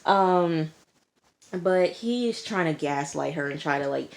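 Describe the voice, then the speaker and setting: A woman's voice: low voice, animated, slow, vocal fry, a little mellow. A woman reviewing a reality TV show in a casual, emphatic way, often repeating herself and saying "like" and "okay". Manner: emphatic, repetitive, lots of "like" and "okay". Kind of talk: casual recap and commentary. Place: indoors, sirens audible outside.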